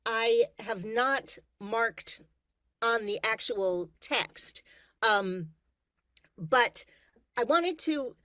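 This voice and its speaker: A woman audiobook narrator in a panel discussion, speaking in a halting, thoughtful way. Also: fairly high pitch, fairly bright tone, no echo.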